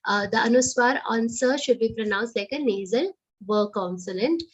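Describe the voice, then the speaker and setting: A woman with an Indian English accent teaching verse recitation, chanting each line slowly and then explaining the pronunciation quickly in a lower voice. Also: breathy edge, muffled recording. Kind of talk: slow chanted recitation with spoken pronunciation notes. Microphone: online class audio.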